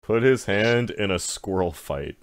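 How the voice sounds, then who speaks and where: A player in an online card game who restarts and repeats words, reading cards slowly. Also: sits low, expressive, no echo. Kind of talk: casual gaming chat.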